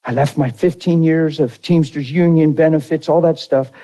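A man's voice: fairly high pitch, fairly even intonation, normal speed, dark tone, poor audio. A middle-aged man, a pastor, telling a personal testimony in a sermon in an earnest, conversational way. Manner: earnest, conversational retelling with quoted dialogue.

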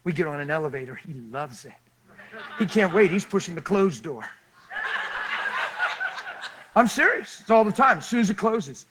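A man preaching, telling a lively story and acting out the people in it, often laughing as he goes. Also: high-pitched, moderate pace, pauses often, slight background noise, poor audio. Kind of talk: animated storytelling sermon.

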